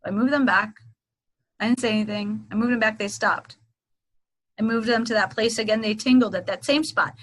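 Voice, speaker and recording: A woman's voice: a little high, moderate pace, low-quality recording. A middle-aged woman, a Reiki teacher and guest, casually telling a story in an interview and acting out past conversations. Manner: animated, acts out past dialogue.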